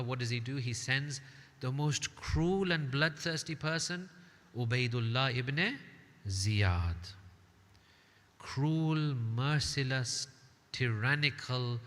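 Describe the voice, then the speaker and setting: A man's voice: medium pitch, a bit bright. A man with an Australian accent, a shaykh delivering a sermon as dramatic storytelling with rising emotional peaks. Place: community hall. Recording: long reverb of a hall.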